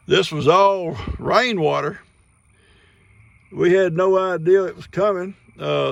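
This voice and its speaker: A man's voice: fairly high pitch, creaky, husky. A man with a Southern US accent, outdoors by flooded fields, giving an easygoing, plain-spoken video update. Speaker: farm video host.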